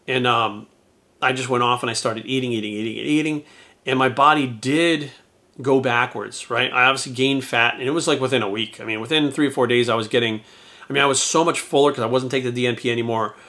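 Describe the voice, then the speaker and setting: A man's voice: medium pitch, fairly even intonation, fast talker, bright, forceful tone. A man who is a YouTuber and retired bodybuilder, telling a story to his viewers in a candid, profane, rambling way. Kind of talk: casual storytelling to camera.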